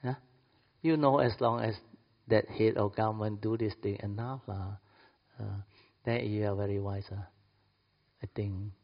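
A man's voice: lowish voice, fairly even intonation, a little slow, creaky, pauses often. A man with a Malaysian English accent gives a sermon to an audience. He is playful, laughs often and acts out little quoted dialogues. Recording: echoey hall, dull lo-fi sound.

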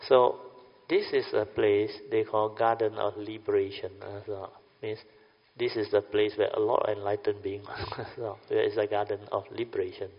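An older man, a Buddhist meditation teacher, gives a dharma talk to a class in a voice on the low side, with flat delivery at normal speed. He's chatty and keeps checking the audience with "huh?" and "understand or not?". The lo-fi recording was made in a reverberant hall.

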